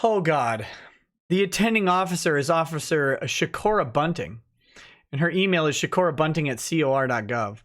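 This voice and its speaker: A man's voice: fairly high pitch, animated, moderate pace, a bit bright. A man hosting a casual livestream, reading documents aloud and breaking in with sarcastic, mocking asides.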